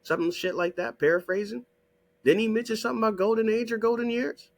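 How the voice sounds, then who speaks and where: A man giving profane, combative ranting commentary over a shared screen, hammering rhetorical questions and repeated demands in a husky voice. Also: high-pitched, fast talker. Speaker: online video creator.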